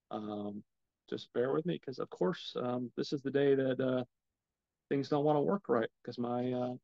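A man's voice: mid-range voice, no room sound, highs cut off. A man hosting a casual film podcast alone, rambling with many ums and swearing when his gear acts up. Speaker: podcast host reviewing films. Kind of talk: casual solo film talk.

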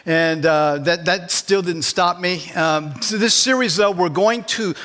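A man's voice: high voice, unhurried, a bit bright, faint music behind. A man, a pastor, preaching a conversational sermon and putting questions to his congregation in church.

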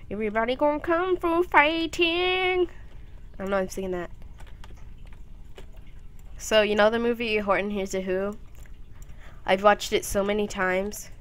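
A teenage girl chatting her way through a game in a loose, rambling commentary. She giggles often and breaks into silly, high-pitched voices on a whim, staying playful throughout. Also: fairly bright tone. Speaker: gameplay commentator. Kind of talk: casual gameplay commentary.

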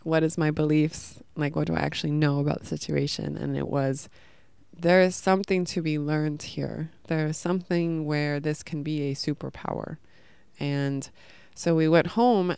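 Podcast lady telling her story, lots of "like", a bit of vocal fry, dry close sound. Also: low-pitched, a little mellow, dry recording. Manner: emotional, rambling, many fillers. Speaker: podcast host. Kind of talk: personal storytelling.

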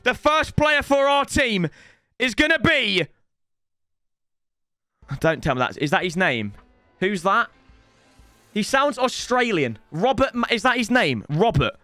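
A young man with a bright, sharp voice that sits high and swings widely as he chats. He rambles excitably through a card unboxing, throwing in jokey asides, with faint music behind him. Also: measured pace, long pauses, no echo. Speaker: football gaming YouTuber. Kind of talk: casual unboxing chat to viewers.

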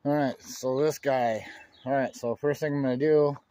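A man narrating his workshop project in a relaxed, chatty way, talking while he works outdoors. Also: mid-range voice, moderate pace. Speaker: DIY off-grid vlogger.

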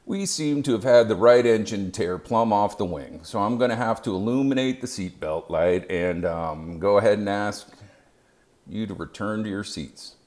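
A man voicing a calm, folksy airline pilot on the intercom, speaking slowly in an unhurried conversational drawl. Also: lowish voice, close to an everyday voice.

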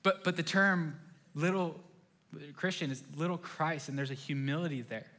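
A young man preaching to his congregation, his voice bright and ringing and pitched a bit above the usual. He tells his stories with animation and jumps into quick impressions of his own inner thoughts. The delivery is a lively, friendly sermon. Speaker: pastor.

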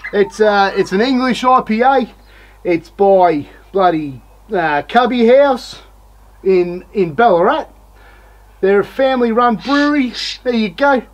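A man's voice: very high voice, slight background noise, low-quality recording. A man with an Australian accent hosting a casual beer review, rambling and swearing in blokey banter. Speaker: beer reviewer and show host.

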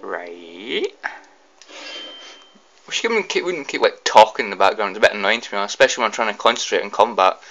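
Young bloke yelling along at a game, voice jumping all over, lots of oh gods. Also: male voice, lowish voice, brisk, long pauses, dull audio, a little hiss or hum. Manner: excitable, blurts reactions and mild swearing. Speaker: gaming commentator. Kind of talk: let's play commentary.

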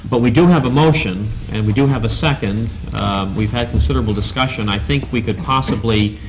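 A man chairing a town council meeting, speaking hesitantly with many pauses and restarts. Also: lowish voice, slight background noise, rough recording.

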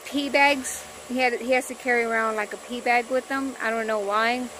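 A woman's voice: a little high, fairly even intonation, normal speed, fairly bright tone, a little hiss or hum, poor audio. A young woman, rambling through a casual vlog from her car with lots of fillers. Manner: rambling storytelling with many fillers. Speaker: vlogger. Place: in her car before work.

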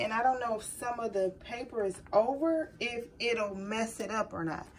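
A woman's voice: a little high, normal speed, hardly any pauses. Nervous chatty woman vlogger. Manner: nervous, chatty, addresses viewers as y'all. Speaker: crafting vlogger. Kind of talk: casual tutorial chat to viewers. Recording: slightly distant mic with faint noise.

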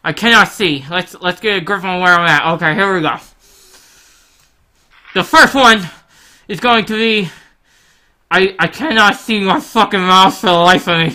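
Brash, foul-mouthed man with a bright voice. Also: sits high, a little slow, pauses often. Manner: brash, profane, mock-rude persona with mumbled asides. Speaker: guest gamer. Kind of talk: comedic gameplay commentary.

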